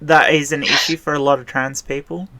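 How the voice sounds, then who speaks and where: A woman in a casual group discussion, wry and trailing off softly. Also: deep voice, fairly even intonation, brisk, a crowd in the background. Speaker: panel guest.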